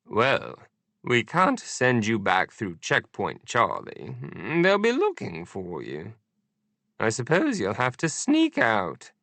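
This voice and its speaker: A man's voice: on the low side, huge pitch swings, slow pace, gravelly, pushed and bright, dry recording, heavily acted. A man voicing an elderly, fussy Queen of England in an audiobook, with a prim, fluttery upper-class manner. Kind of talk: audiobook character voice.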